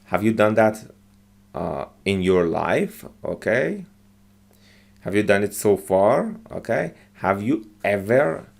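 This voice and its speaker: A man's voice: lowish voice, vocal fry. A man teaching English by explaining short movie lines, patiently repeating phrases and checking with "okay?".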